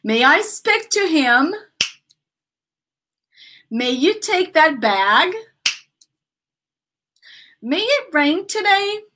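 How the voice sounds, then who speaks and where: A Brazilian-accented woman teaches English grammar, native Portuguese coloring her vowels. Her voice sits fairly high and she takes her time, laughing easily as she has the class repeat after her. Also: extremely slow, pauses often, slight background noise. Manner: lively, laughs often, drills students with repeat-after-me sentences. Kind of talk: online grammar lesson.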